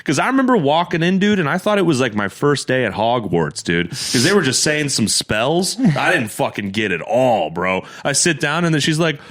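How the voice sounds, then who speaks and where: A young man co-hosts a casual podcast. He tells his stories in a lively voice that rises and falls a lot, swears freely and keeps breaking into laughter. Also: medium pitch, moderate pace, hardly any pauses. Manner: animated, profane, laughs often. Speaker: podcast co-host. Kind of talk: casual chat, storytelling.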